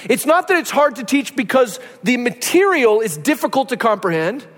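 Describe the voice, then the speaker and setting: A man's voice: very high-pitched, big pitch swings, moderate pace, a bit bright. A man preaching a sermon as a pastor, telling stories conversationally and often asking "right?". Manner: conversational storytelling, asks rhetorical "right?". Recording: long hall reverb.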